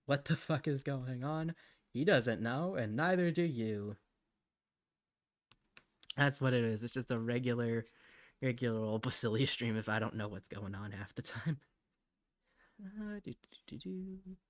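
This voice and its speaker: A man's voice: medium pitch, moderate pace, long pauses, no echo. A chatty man talks his way through a live drawing stream in a medium voice. He rambles from thought to thought and breaks into laughs often. His voice sounds dry and close, with no room around it. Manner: mutters to himself while drawing. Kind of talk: casual live-stream chat.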